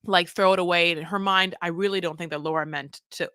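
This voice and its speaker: A woman's voice: lowish voice, steady tone, brisk, pushed and bright, clean tone, dry recording, studio quality. Woman co-host thinking aloud. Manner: thinks aloud with restarts and hedges. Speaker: podcast co-host. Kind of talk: casual recap chat.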